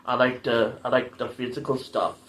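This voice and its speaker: In casual commentary over his own playthrough, a gaming channel host rambles and jokes at his own expense. He speaks at a moderate pace in a mid-range, slightly bright voice with little pitch movement.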